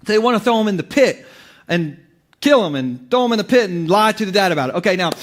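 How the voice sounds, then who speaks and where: A male pastor with a high voice preaches in a loose, joking style. He talks to the congregation as if in conversation, often stopping and restarting mid-sentence. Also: expressive, fast talker. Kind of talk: sermon.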